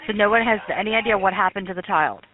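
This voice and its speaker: A woman emergency dispatcher talking quickly and firmly over a tinny phone line. She repeats her questions and commands insistently. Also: medium pitch, crowd noise. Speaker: 911 dispatcher.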